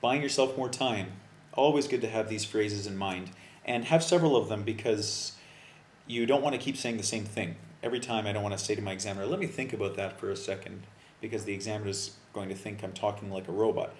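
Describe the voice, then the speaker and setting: A man's voice: lowish voice, fast talker. A man coaching learners for an English speaking exam, talking loosely and thinking aloud with fillers and restarts. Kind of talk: video lesson explaining exam phrases. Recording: roomy echo with faint background noise.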